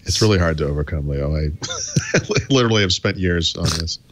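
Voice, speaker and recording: A man co-hosts a tech podcast. He speaks in a matter-of-fact way, chuckling at times. His voice is very low. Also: big pitch swings, brisk. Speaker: co-host. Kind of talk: casual tech podcast chat.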